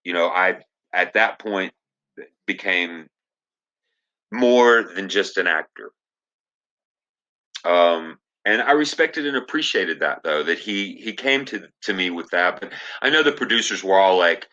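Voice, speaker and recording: A man who works as an actor, telling stories as a podcast guest in a casual, animated way and acting out the lines of the people he quotes. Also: sits low, a little slow, muffled recording. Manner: animated storyteller, acts out quoted dialogue. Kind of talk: casual storytelling interview.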